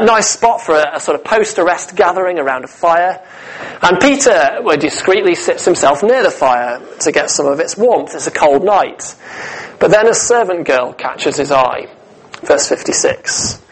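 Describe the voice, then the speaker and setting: Earnest male preacher, fairly high voice. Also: poor audio. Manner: earnest, emphatic, with pauses on key words. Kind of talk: sermon.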